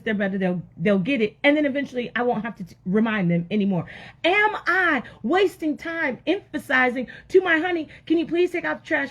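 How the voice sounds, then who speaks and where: A woman's voice: a little high, a bit bright. A woman giving an emphatic, conversational faith talk to women, repeating words for emphasis and speaking straight to her listeners. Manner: emphatic, repetitive, addresses audience directly.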